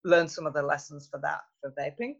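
Podcast guest, measured and reflective, mid-pitched, muffled lo-fi sound. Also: creaky. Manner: thoughtful, measured, with frequent fillers. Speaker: interview guest, youth health researcher. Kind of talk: conversational interview.

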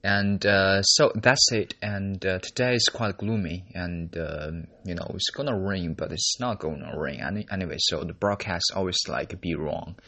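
A young man who is not a native English speaker, a university student talking casually in a vlog, halting with many fillers and restarts. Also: low voice, sharp tone. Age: young adult.

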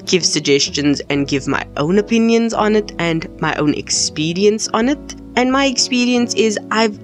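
A woman's voice: mid-range voice, expressive, moderate pace, faint music behind. A young woman hosting a solo podcast, ranting in an emphatic, exasperated way. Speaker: podcast host.

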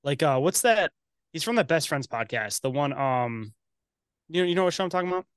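A man's voice: fairly high pitch, expressive, brisk, smooth, dry recording, clean studio sound. A man talking as a podcast guest in casual chat, loose and rambling, swearing a lot and calling his host "dude".

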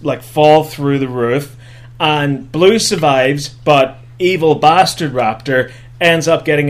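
A high-voiced man tears through a movie recap with animated sarcasm. He swears constantly and swings into mock outrage. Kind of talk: profane comedic movie recap.

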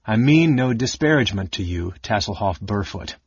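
A man's voice: on the low side, lively intonation, slightly rough, muffled recording. A man doing a stately condescending old archmage. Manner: measured, patronizing.

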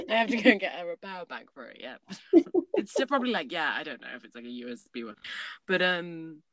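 A woman's voice: fairly low pitch, big pitch swings, brisk, a bit bright, dry recording. A woman in her thirties chatting casually and candidly, rambling and laughing often. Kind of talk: casual chat.

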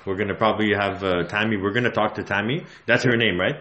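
Guy hosting, lowish voice, keeps stammering and repeating, room echo, slight hiss. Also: fairly even intonation, fast, bright, forceful tone, lo-fi sound. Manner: hesitant, stammering, repeats himself. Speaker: podcast host. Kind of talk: casual comedic chat.

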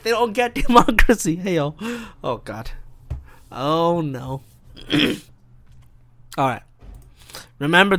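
A man's voice: sits high, fairly bright tone, clean tone, no echo. Rambling man on a dry close mic. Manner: rambling, self-interrupting, laughs at own jokes. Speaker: podcast host. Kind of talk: solo rambling podcast rant.

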